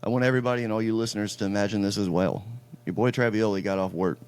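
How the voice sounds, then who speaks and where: A man hosting a casual chat podcast, his voice sitting on the low side. He talks in a relaxed, storytelling way and drops the odd curse. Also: rapid-fire, clear, resonant tone. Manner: laid-back storytelling, swears casually. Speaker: podcast host.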